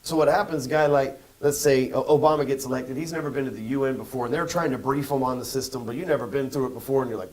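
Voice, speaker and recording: A man co-hosting a podcast in casual, profane chat, animated and acting out voices. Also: mid-range voice, fast, few pauses, rough recording. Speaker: podcast co-host.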